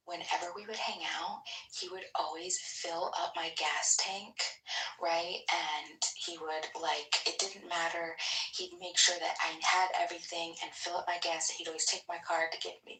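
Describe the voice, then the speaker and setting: A woman telling a personal story in a casual chat, animated and full of fillers, often slipping into breathy whispers. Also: fairly low pitch, reverberant, recorded from a distance, poor audio. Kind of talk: casual storytelling on social audio.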